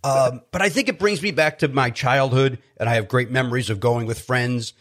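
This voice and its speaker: A man from Chicago, a guest comedian, telling stories in casual chat, animated and self-deprecating with many restarts. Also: mid-range voice, moderate pace. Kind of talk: casual storytelling.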